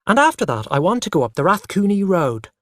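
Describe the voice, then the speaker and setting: A storyteller voicing an eager, jealous small boy who asks questions in a high, insistent voice. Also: huge pitch swings, unhurried, dry recording, clean studio sound, full character voice. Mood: demanding.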